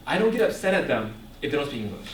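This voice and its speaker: A young man giving an animated ministry talk to a young audience, asking the room questions and laughing often. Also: fairly high pitch, rapid-fire, recorded from a distance, a little hiss or hum. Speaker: ministry speaker. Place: echoey room before a live audience. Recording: echoey room, voice picked up from afar.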